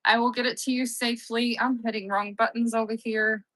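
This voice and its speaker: A woman's voice: a little high, flat delivery, brisk, fairly bright tone, dry recording, low-quality recording. A young woman hosting a live-selling stream, chatting casually, upbeat and often laughing at herself. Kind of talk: casual live-sale chat.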